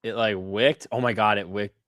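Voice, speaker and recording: A young man co-hosting a live trading stream, cursing and reacting loudly to the market in casual banter. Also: normal speed, clear, resonant tone, no room sound, clean studio sound. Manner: profane, excitable, lively pitch swings.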